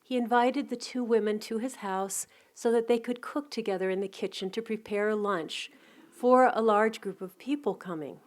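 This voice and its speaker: Gentle middle-aged woman giving a spiritual talk. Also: on the high side. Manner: gentle, unhurried storytelling with soft restarts and fillers. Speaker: spiritual community teacher. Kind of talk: reflective spiritual talk with anecdotes.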